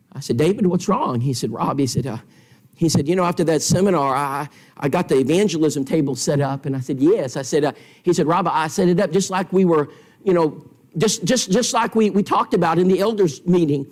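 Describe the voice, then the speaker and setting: Man, high voice, preacher, lively storytelling, seminar lesson. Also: fairly quick. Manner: storytelling with quoted dialogue, emphatic. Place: church.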